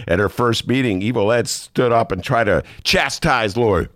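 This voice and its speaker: A man hosting a talk radio show, giving lively, mocking political commentary and laughing often. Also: lowish voice, normal speed, no echo, studio quality.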